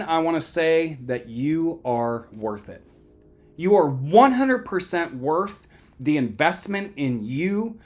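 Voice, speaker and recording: A middle-aged man giving an earnest, conversational motivational lecture on recovery, often checking in with listeners. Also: a little high. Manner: earnest, conversational, addresses listeners directly with "right?".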